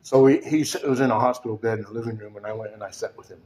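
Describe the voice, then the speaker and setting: A man in his sixties telling a personal story in a halting way, full of "and, uh", often sinking almost to a whisper. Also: fairly low pitch, fairly even intonation, a little mellow, a little hiss or hum. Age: 60s. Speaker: storyteller recounting his past. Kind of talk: personal testimony.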